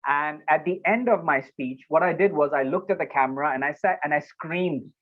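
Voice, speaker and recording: A fairly high-voiced man talks in a relaxed interview as a public speaking coach. He is animated, breaking into loud acted-out lines now and then. The sound is dull and muffled, as over an online call. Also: fairly quick. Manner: animated, acts out moments with sudden loud exclamations. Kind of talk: casual interview talk.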